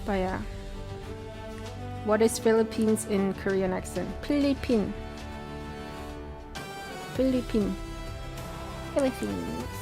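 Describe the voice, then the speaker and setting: A woman's voice: mid-range voice, fairly even intonation, a little slow, vocal fry, long pauses. A woman hosting a live-stream watch party, chatting casually and answering viewer questions aloud. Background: faint background music.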